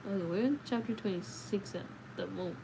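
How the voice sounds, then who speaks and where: A young woman streaming live as she reads a novel aloud, louder on the dialogue and chatting casually with viewers between passages. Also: mid-range voice, a little fast, vocal fry. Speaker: livestreamer reading a novel aloud. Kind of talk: reading aloud with chat asides. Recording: faint background noise.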